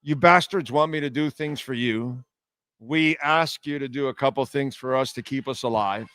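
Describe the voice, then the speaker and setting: Salty sports radio guy rambling, mid-pitch voice, dry close mic. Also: normal speed, fairly bright tone, smooth, no echo. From Miami. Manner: profane, rambling storytelling, reading chat comments. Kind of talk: casual live-stream chat.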